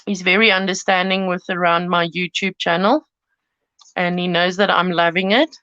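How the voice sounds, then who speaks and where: A woman's voice: on the low side, fairly even intonation, moderate pace, fairly bright tone, clean tone, no room sound. A woman hosting a chatty live-stream craft tutorial from her home studio, rambling and giggling as she cuts paper. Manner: rambling and giggly, chats while cutting paper. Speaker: craft channel host. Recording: dull lo-fi, dry sound.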